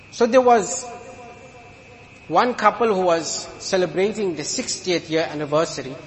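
A man delivering an emphatic sermon in a mosque, illustrating his points with humorous stories. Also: high-pitched. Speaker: preacher. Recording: long hall reverb.

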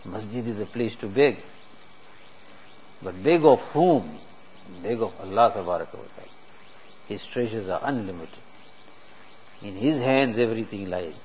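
A man's voice: lowish voice, expressive, normal speed, long pauses, a little mellow. A man preaching a sermon in a mosque, earnest and teaching through rhetorical questions. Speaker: Islamic preacher. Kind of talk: sermon to a congregation. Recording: dull lo-fi recording with faint hiss.

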